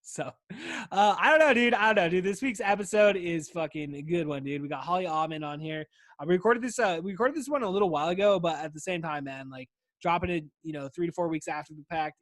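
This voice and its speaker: High-voiced rambling podcast host man. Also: animated, fast talker, a bit bright, dry recording. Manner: rambling, swears often, says "dude" constantly. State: voice wearing out. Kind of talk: casual solo podcast chat.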